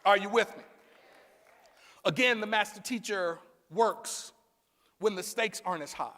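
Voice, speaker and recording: A man preaching a sermon as pastor, calling on the congregation to answer back and building up to shouts. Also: high voice, measured pace, big-room sound. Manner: call-and-response preaching, rising to shouts. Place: church sanctuary.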